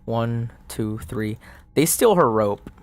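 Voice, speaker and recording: A man playing a solo tabletop game, muttering dice counts aloud and narrating the results in a relaxed, casual way. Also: medium pitch, takes it slowly, no room sound. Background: faint background music.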